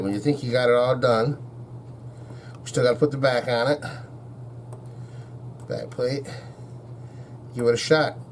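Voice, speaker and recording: Folksy, mid-pitched man running a guitar repair shop, casual running commentary as he works. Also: a little hiss or hum. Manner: folksy, easygoing, talks to himself and viewers as he works. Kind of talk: casual workshop narration while working.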